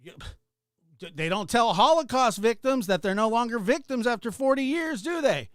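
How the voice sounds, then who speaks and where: A man's voice: very high voice, lively intonation, moderate pace, clean tone, dry recording, studio quality. A man hosting a livestream, ranting heatedly and sarcastically while greeting viewers in chat. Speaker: livestream host. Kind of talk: ranting livestream talk with chat shout-outs.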